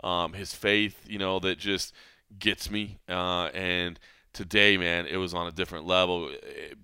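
A man's voice: low-pitched, flat delivery, measured pace, bright, forceful tone, smooth, dry recording. A man hosting a podcast about mixed martial arts, talking in an earnest, reflective way, often saying "man" and "you know". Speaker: podcast host. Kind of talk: casual podcast chat.

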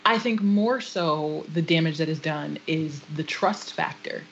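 A woman co-hosting a podcast in casual chat, explaining things in a measured, counselor-like way. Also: sits low, gravelly, dull audio, a little hiss or hum. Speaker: podcast co-host.

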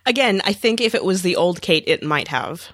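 A woman co-hosting a podcast, making measured, thoughtful remarks in casual chat. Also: fairly low pitch, animated, fairly bright tone, no room sound. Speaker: podcast co-host.

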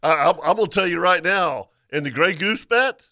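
Cohost guy, bright sharp voice, stumbly and excited, kinda high. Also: moderate pace, no room sound, studio quality. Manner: excitable, stumbles and repeats words. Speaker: radio show co-host. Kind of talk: casual banter among friends.

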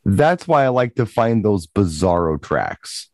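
A man's voice: on the low side, sing-song, unhurried, a little mellow, no echo. A man who works as a DJ, talking over ideas about music in a casual chat and explaining his point step by step. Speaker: DJ and podcast co-host.

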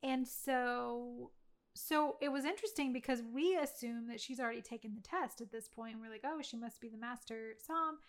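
A woman with a fairly high voice talks through a film review, chatty and effusive, her sentences running on with fillers. She sounds like a podcast co-host in easy conversation. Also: normal speed. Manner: chatty, gushing, lots of "like". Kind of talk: casual movie review chat.

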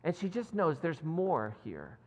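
A male pastor preaches in an animated, unhurried storytelling style, tossing in self-deprecating asides. His pitch moves widely and expressively, and a long reverb from the church sanctuary trails his voice.

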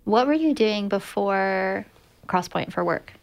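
Lively, gravelly-edged woman interviewer. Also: medium pitch, takes it slowly. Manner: friendly, laughs often, encouraging backchannels. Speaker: interviewer, church staff podcast host. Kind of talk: casual interview chat.

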